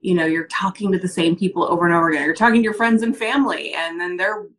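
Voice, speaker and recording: A woman's voice: lowish voice, fairly even intonation, fast, a bit bright. A woman coaching client who speaks in a casual interview with an earnest, heartfelt, rambling manner. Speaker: coaching client and business owner. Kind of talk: casual interview, personal story.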